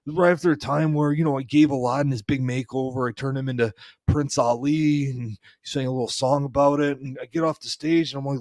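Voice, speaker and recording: A man's voice: medium pitch, steady tone, a little fast, darkish tone, no echo. Rambling man, dry close sound. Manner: meandering, peppered with "you know". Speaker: podcast co-host. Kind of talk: rambling comedic storytelling in character.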